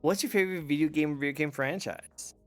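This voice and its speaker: A man's voice: fairly high pitch, a little fast, fairly bright tone, soft background music. A man hosting a casual interview chat, rambling and laughing often. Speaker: interview show host. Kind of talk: casual chat over a call.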